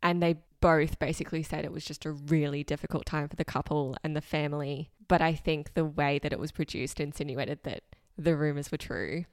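A woman's voice: low voice, fairly even intonation, a little fast, few pauses, a little mellow, clean tone, no room sound, studio quality. A woman co-hosting a podcast, chatting casually with wry, thoughtful remarks. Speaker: podcast co-host. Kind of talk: casual chat.

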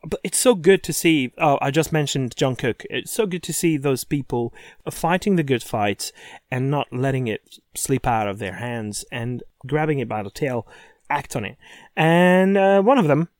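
Male podcast co-host, mid pitch, keen and talky, repeats words as he starts sentences. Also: expressive, normal speed, no echo, clean studio sound. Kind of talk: casual podcast chat.

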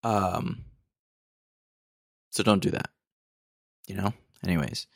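A man's voice: low voice, steady tone, takes it slowly, vocal fry, dry recording, clean studio sound. An American man hosting a solo podcast, rambling and ranting in a mock-exasperated way with lots of digressions. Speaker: podcast host. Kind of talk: casual solo podcast rant.

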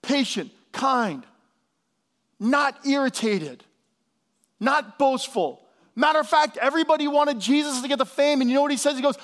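A man's voice: very high-pitched, normal speed. Fervent preacher man in his fifties. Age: 50s. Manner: animated preaching, drops to soft hushed tones for emphasis; calls out to the congregation for responses. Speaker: pastor. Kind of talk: sermon.

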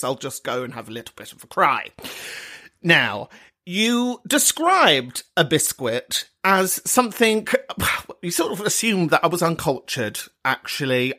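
A man's voice: on the high side, pushed and bright. A British man hosting a comic call-in podcast, camp and teasing, who swears freely and laughs often. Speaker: podcast host.

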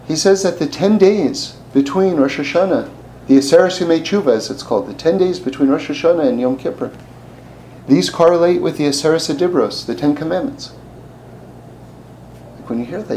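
A man delivers a sermon with storytelling in a slightly high, fairly quick voice. He's animated, acts out the voices in his stories and laughs often; the audio is poor, with slight background noise.

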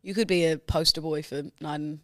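A young woman co-hosting a casual comedy podcast, quick-witted and giggly. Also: sits low, fairly even intonation, a bit bright, dry recording, clean studio sound. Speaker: co-host.

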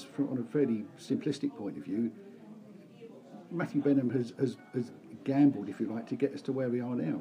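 A man's voice: mid-range voice, warm tone, rough recording. A man giving a thoughtful opinion on a casual fan podcast, stumbling a little as he starts his points. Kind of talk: casual pub podcast chat.

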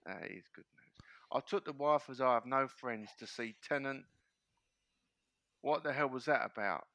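A man's voice: medium pitch, normal speed, bright, forceful tone, no echo. A man co-hosting a casual talk show, joking as he reads listener messages aloud. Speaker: podcast co-host reading fan messages. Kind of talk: casual banter.

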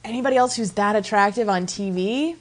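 A woman's voice: mid-range voice, brisk. A woman co-hosting a podcast in a casual chat, sarcastic and playful, joking about a TV episode. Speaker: podcast co-host.

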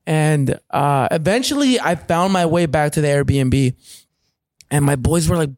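A Canadian man tells a rowdy story in a high, lively voice, swearing freely and slipping into other people's voices. The sound is close and dry, with no room around him. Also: unhurried, no echo. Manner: profane, animated, acts out other people's voices. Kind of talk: casual storytelling.

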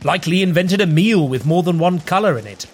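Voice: medium pitch, brisk, slight background noise, natural voice. An actor playing a boastful, lovestruck male knight in a comedy audio drama, speaking in grand, flowery, old-fashioned language. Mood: rousing. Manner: grandiose archaic speech, flowery and theatrical.

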